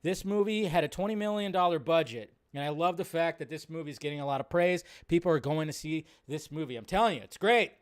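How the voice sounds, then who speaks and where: A man hosting a live movie news stream, speaking close to a desk mic in a slightly higher-than-usual voice. He rambles casually and loosely with plenty of fillers. He drifts between chatting with viewers and running through the news. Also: fast, few pauses. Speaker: host of a live film news show.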